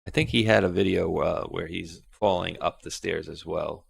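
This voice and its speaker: Gravelly low-voiced man chatting. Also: normal speed. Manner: rambling with many fillers. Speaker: podcast host. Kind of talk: casual chat.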